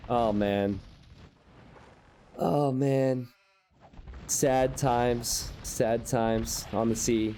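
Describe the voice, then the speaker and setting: A young man casting a strategy game live, excitable and quick to jump into high shouts at big plays. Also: a little hiss or hum. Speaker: game caster.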